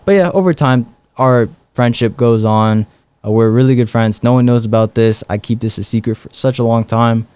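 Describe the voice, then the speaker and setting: A man's voice: medium pitch, moderate pace, a little mellow, smooth, no echo. A young man, a street evangelist, telling stories in a casual interview, full of fillers and acted-out dialogue. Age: young adult. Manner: rambling, many fillers and quoted dialogue.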